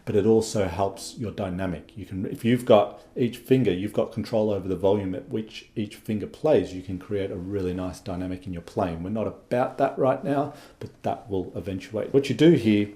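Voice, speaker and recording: Low, mellow-voiced male guitar teacher. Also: moderate pace, hardly any pauses. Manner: patient, explanatory, checks in with "okay?". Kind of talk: instructional lesson.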